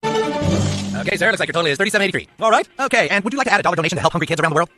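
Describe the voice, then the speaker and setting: Snarky cashier, high bright voice, talks super fast. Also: male voice, expressive, over music. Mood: passive-aggressive. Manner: sarcastic, mock-polite. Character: pushy male cashier guilting shoppers over charity. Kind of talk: sketch comedy acting.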